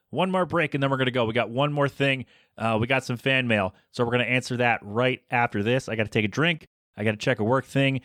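A man's voice: mid-range voice, fairly bright tone, no echo, studio quality. A man hosting a solo podcast, rambling and self-deprecating as he rants about small annoyances. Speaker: podcast host.

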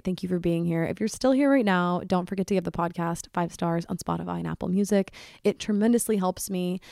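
A woman's voice: on the low side, gravelly, dry recording, studio quality. A young woman hosting a solo podcast, telling a story in a chatty, dramatic way, full of "like" and acted-out quotes from friends. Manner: chatty, dramatic, heavy use of "like", quotes friends in animated bursts. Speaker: podcast host.

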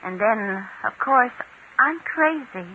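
An actress playing an unsettling young woman who calls herself mad, with an eerie, softly taunting manner, in 1940s radio style. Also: fairly high pitch, lively intonation, slow, slight background noise. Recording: tinny lo-fi old radio broadcast.

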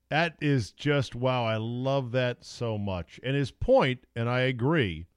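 A man's voice: medium pitch, no room sound, clean studio sound. A man hosting a podcast, talking casually in a blunt, crude, jokey way. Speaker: podcast host. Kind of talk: casual opinionated podcast talk.

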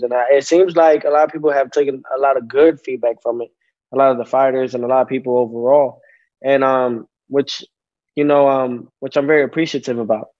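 A man in his twenties answering interview questions over a video call, halting, with many fillers and restarts. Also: mid-range voice, a little mellow, muffled recording. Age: 20s. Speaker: interview guest, athlete.

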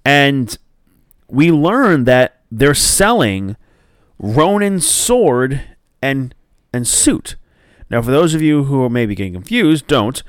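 Smooth-voiced man rambling through a recap. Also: medium pitch, very animated, slow pace, no room sound, studio quality. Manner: rambling, many fillers and restarts, swears casually. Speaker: show recapper. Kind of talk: casual episode recap.

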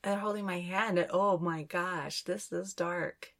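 Woman, podcast host, unhurried dreamy delivery, gravelly fry, lowish voice. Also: steady tone, fairly bright tone. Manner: slow, dreamy, describing inner visions. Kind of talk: spoken channeling session.

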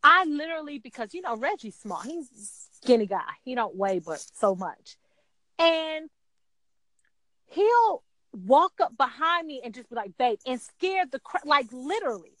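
Woman guest, high pitch, dry sound, lively anecdote teller. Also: a little slow, dry recording, low-quality recording. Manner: animated, acts out quotes in a high voice. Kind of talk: casual storytelling chat.

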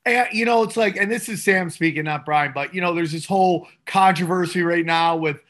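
A man co-hosting a podcast who chats casually and jokes in an excitable, crude way. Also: high voice, a little fast. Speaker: podcast co-host. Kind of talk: casual comedic chat.

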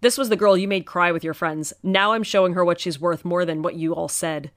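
A woman voicing a gentle, protective middle-aged father who talks in a soft, reassuring way. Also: on the low side, fairly even intonation, brisk, no room sound, clean studio sound, close to an everyday voice. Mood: stern.

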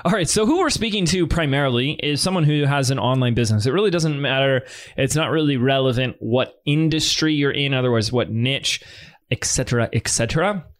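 A man hosting a business podcast in an energetic, quick, casual way. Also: mid-range voice. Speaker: podcast host. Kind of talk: casual chat.

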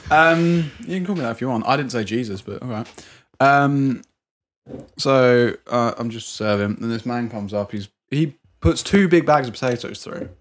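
A man, co-hosting a podcast and telling a work story in a casual, animated way, laughing often and mimicking the people in it. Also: medium pitch, moderate pace. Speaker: podcast co-host.

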